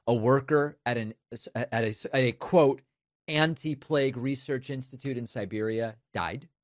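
A man's voice: mid-range voice, moderate pace, no echo, studio quality. A man delivering emphatic, sarcastic political commentary. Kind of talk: opinion commentary.

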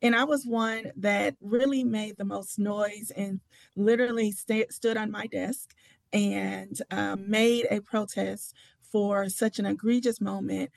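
A woman's voice: medium pitch, fairly even intonation, slow, vocal fry, dry recording. A woman who serves as a state senator, talking with passion and emphasis, often restarting her sentences. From Tennessee. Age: adult with children. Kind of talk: political interview talk.

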